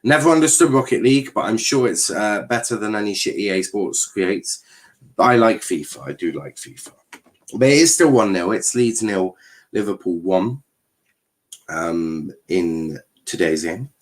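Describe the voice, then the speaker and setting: A man's voice: lowish voice, expressive, moderate pace. A young man, casually commentating a live football watchalong, swearing, joking and reading chat aloud. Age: young adult. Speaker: watchalong streamer.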